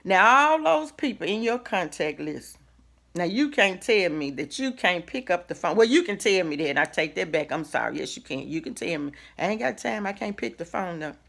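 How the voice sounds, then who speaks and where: A woman's voice: lowish voice, big pitch swings, normal speed, vocal fry, fairly bright tone. A middle-aged woman, giving a folksy, preacherly motivational talk full of asides and rhetorical questions. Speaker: host. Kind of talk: casual motivational talk to camera.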